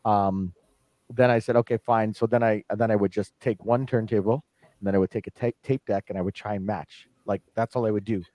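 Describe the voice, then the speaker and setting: A man in his forties, a guest DJ, telling stories on a podcast in a lively, laughing way and swearing freely. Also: fairly low pitch, dry recording. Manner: animated, swears freely, laughs often, quick asides. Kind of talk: casual podcast storytelling. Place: podcast studio.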